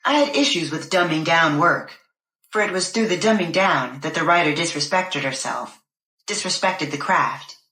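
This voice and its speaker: A woman narrating an audiobook in the first person, with a measured, expressive reading. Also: low-pitched, reverberant, poor audio.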